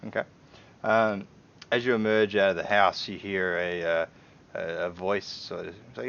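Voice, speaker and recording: A man's voice: low voice, steady tone, normal speed, fairly bright tone, smooth. A man narrating a tabletop game as game master, in a loose, casual way, on a dull lo-fi stream recording.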